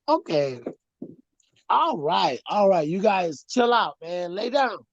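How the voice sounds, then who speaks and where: A woman hosting a casual livestream chat, talking loud and blunt, swearing freely and laughing a lot. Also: on the low side, very animated, takes it slowly, no echo, highs cut off. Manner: loud, swearing, laughs often, coos at dogs. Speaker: livestream host.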